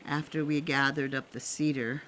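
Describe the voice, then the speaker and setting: An older woman from Canada, an elder telling a personal story in a gentle, reflective way, pausing often and laughing softly. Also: low voice, little pitch movement, a little hiss or hum. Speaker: elder sharing traditional teachings.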